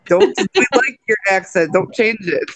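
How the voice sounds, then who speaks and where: A woman's voice: mid-range voice, very animated, measured pace, no echo. A woman joking and teasing in a casual group chat.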